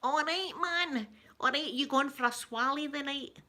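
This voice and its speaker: A woman's voice: high-pitched, moderate pace, sharp tone, pitched above the performer's own voice. A Scottish woman putting on the voice of a cocky young street lad, talking in brash slang with a swagger.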